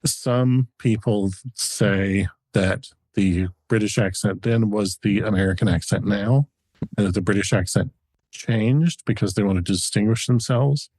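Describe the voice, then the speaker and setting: A man's voice: on the low side, measured pace, darkish tone, no room sound. A man co-hosting a podcast, telling a history story in a chatty, researched way with frequent chuckles. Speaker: podcast co-host.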